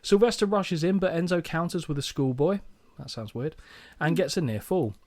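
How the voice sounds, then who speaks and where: A man's voice: on the high side, moderate pace, a little mellow. A young man co-hosting a podcast, reading a match recap with playful asides. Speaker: podcast co-host.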